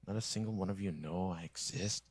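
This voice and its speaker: A man's voice: deep voice, fairly quick, breathy edge, no room sound. A man streaming a rambling, bitter monologue to his viewers, complaining and often dropping into a whisper.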